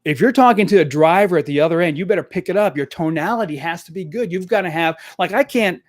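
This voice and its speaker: A man coaching salespeople with direct, energetic drive, hammering his points home by repeating them. His voice sits a little high for a man. It is recorded close and dry on a desk microphone, with no room sound. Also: fast, no echo. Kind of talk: live-streamed coaching talk.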